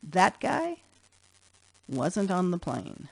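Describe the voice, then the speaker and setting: A woman's voice: fairly low pitch, huge pitch swings, extremely slow, creaky, darkish tone, husky, no room sound. A woman, a former flight attendant, giving an emphatic, rambling and insistent monologue.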